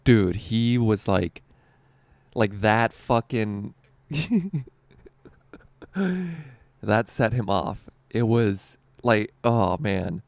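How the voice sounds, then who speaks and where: A man's voice: fairly low pitch, very slow, gravelly, long pauses, no room sound. A young man, a stand-up comedian, telling a rambling, profane story with frequent "like" and laughter. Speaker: stand-up comedian and show co-host. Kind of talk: casual storytelling.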